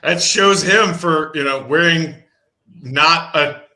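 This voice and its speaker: A man co-hosting a sports talk show, telling stories and teasing his friends in casual chat. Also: on the high side. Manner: lively, teasing, quick to jump in. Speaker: co-host.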